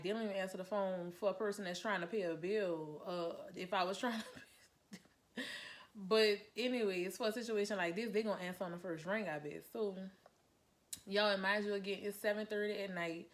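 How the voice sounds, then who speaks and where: A woman tells a personal story straight to camera in a casual vlog. She is chatty and animated, calls her viewers "y'all", and acts out what she said at the time. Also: medium pitch, a little fast. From Louisiana. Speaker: vlogger telling a personal story.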